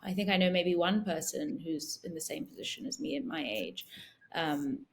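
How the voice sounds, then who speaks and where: Soft-spoken reflective woman in her forties. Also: deep voice, lively intonation, normal speed. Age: 40s. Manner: reflective, soft-spoken, many "you know" fillers. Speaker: guest, founder. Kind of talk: casual interview talk.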